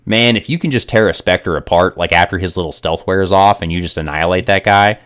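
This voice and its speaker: A man's voice: low-pitched, brisk, a bit bright. A man hosting a casual gaming live stream, joking and rambling with lots of fillers.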